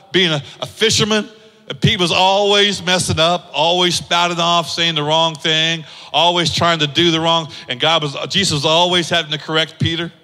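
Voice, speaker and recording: In a sermon ringing with long church-hall reverb, a male pastor with a high, bright voice lifts into a sing-song cadence and asks rhetorical question after rhetorical question.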